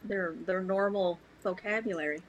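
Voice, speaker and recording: A woman's voice: mid-range voice, normal speed, rough recording. A woman co-hosting a radio show in casual chat, earnest and hesitant, often repeating her words. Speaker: radio co-host.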